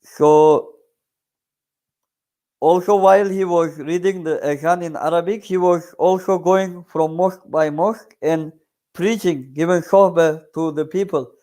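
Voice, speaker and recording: A man, the shaykh's grandson, telling a religious life story in an earnest, halting way with many fillers. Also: fairly high pitch, fairly even intonation, mellow. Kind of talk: casual spoken storytelling.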